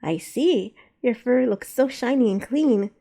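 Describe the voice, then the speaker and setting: A fiery young shopkeeper with a sharp tongue, as a woman puts her on. Her mellow voice is a touch raised, and she speaks in a storybook reading. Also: fairly high pitch, animated, a little slow, gravelly, voice pushed up, full character voice. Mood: doting. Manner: snappish. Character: young adult female animal shopkeeper, fiery and irritable.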